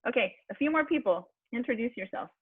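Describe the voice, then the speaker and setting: An upbeat woman coaching a group on a video call, encouraging and quick to laugh. Her voice is a little husky, and the line is thin and phone-like with a dry, close sound. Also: a little high, lively intonation, no echo. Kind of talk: online speaking workshop.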